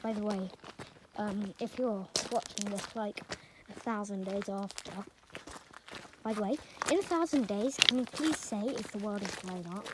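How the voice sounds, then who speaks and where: A woman's voice: mid-range voice, moderate pace. A woman narrating a casual nature walk vlog outdoors, rambling and chatty with joking asides. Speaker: nature vlogger. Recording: noisy outdoor recording. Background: rural outdoor noise, birds.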